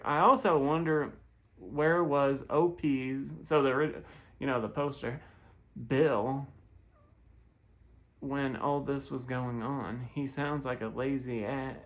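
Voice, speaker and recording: An online commentator casually reading posts and comments aloud, often giggling and breaking off into asides and restarts. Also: mid-range voice.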